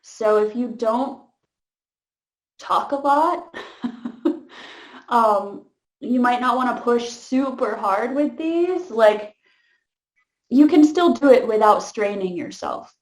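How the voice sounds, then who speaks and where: A woman leading an interactive voice workshop, chatty and laid-back, laughing often and filling pauses with "um" and "like". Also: fairly high pitch, reverberant. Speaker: voice workshop leader.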